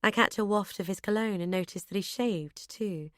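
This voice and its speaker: A woman narrating a first-person audiobook in an expressive, brisk storytelling manner. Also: medium pitch, no echo, clean studio sound.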